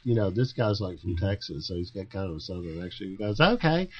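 A man's voice: deep voice, fast, breathy edge, dull audio. A man hosting a podcast in casual chat, laughing often and restarting his sentences. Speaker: podcast host.

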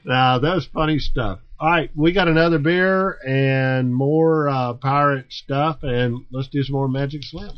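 Brief: male podcast host, mid pitch, giggly and halting, muffled lo-fi sound. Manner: laughs often, halting with restarts. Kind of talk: casual chat.

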